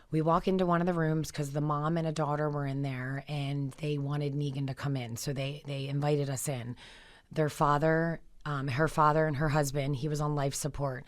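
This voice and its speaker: A middle-aged woman with a notably low voice tells heartfelt anecdotes as a radio interview guest. She rambles, restarts and fills pauses, and her telling turns emotional. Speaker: guest, founder of a therapy dog group.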